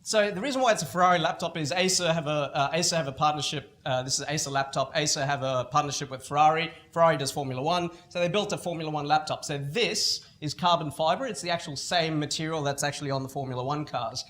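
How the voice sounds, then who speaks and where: Delivering a school-festival keynote, a middle-aged motivational speaker with an Australian accent talks fast with hardly any pauses. His voice is somewhat high, and his lively storytelling includes impersonating other people as he quotes them.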